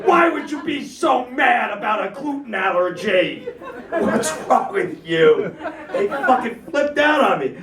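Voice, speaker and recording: A man in his thirties doing a stand-up comedy set, ranting and shouting in bursts with a laugh in his voice and plenty of swearing. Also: extremely high pitch, very animated, unhurried, echoey room, recorded from a distance, crowd noise. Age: 30s.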